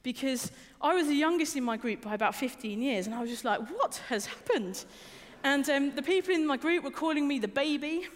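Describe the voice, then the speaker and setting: A woman's voice: high voice, fast, few pauses. A young adult woman giving a conversational sermon, informal and personal, often repeating words and asking the listeners questions. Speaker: preacher. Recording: reverberant hall.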